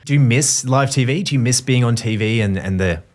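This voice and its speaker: A male podcast host asking relaxed, encouraging questions in casual chat. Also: medium pitch, fairly quick.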